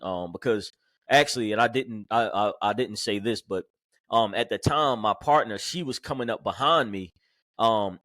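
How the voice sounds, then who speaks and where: A man, a police corporal and podcast guest, telling a personal story in a halting way full of fillers and restarts. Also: on the low side, a bit bright, dry recording, clean studio sound.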